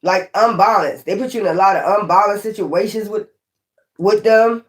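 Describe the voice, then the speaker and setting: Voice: mid-range voice, normal speed. A tarot reader talks straight to viewers in a live reading. The delivery is blunt and peppered with swearing. Points get repeated and pressed hard. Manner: blunt, profane and emphatic, with lots of repetition.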